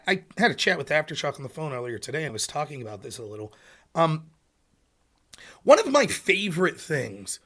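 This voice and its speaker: An American man hosting a political livestream, ranting in an animated, mocking way and sometimes calling himself half asleep. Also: fairly high pitch. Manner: animated, mocking, slips into loud mocking quotes of opponents. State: sleepy.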